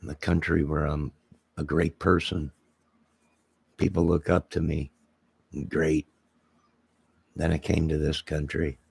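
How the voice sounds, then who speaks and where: Slow, gravelly area man. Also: a bass voice, flat delivery, a little mellow. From Illinois, near Chicago. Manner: rambling, joking, answers viewer comments aloud. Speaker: livestream host chatting with viewers. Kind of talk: casual rambling livestream chat.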